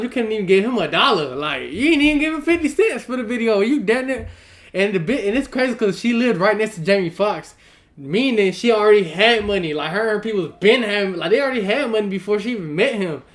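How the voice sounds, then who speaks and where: A man's voice: high-pitched, lively intonation, quick pace. A man co-hosting a casual podcast who reacts with emphatic, profane indignation.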